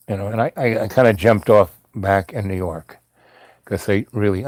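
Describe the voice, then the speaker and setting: A man's voice: on the low side, no room sound. A man casually telling a long personal story, meandering with many asides and restarts.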